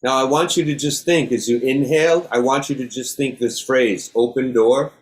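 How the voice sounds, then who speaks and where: Calm middle-aged male yoga teacher, steady instructive cues, mid-pitched voice. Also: moderate pace, a little hiss or hum. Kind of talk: guided breathing class.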